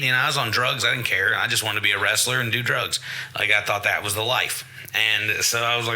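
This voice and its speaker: A man's voice: fairly low pitch, fast talker, bright, forceful tone, rough recording. A man hosting a podcast, chatting casually and rambling through stories while acting out quotes. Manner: rambling storyteller who acts out quotes. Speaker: podcast host. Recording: clicky background noise.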